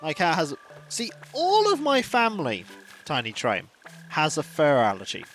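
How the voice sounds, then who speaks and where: A man streaming a game and chatting casually in a rambling, animated way. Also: fairly high pitch, moderate pace, faint music behind. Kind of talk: casual chat while gaming.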